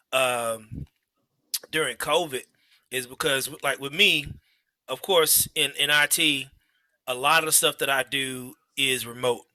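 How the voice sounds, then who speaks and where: A man in his thirties, a father telling a story in a relaxed way during a casual podcast chat, with lots of fillers and restarts. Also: mid-range voice, no echo.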